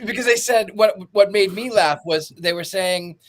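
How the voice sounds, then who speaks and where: A woman co-hosting a podcast, speaking in an amused, drawn-out way. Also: mid-range voice. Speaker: podcast co-host. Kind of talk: casual chat.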